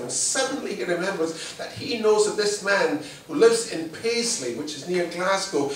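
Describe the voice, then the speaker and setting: Echoey, lively male storyteller. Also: high voice, a little hiss or hum. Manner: lively, humorous, playful. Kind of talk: live folk-tale telling. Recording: distant mic in a very echoey room.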